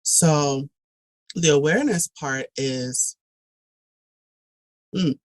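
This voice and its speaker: Low slow woman on a podcast, thinking out loud, lots of ums. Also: dry recording, poor audio. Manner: thoughtful, reflective, frequent ums and restarts. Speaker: podcast guest, tutoring director. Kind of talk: casual podcast talk.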